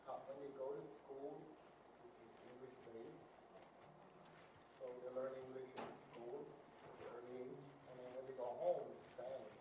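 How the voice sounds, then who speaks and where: A man in the audience asking a hesitant, halting question. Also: mid-range voice, fairly even intonation, background noise. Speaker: audience member. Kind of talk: question from the floor. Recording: distant, echoey hall mic.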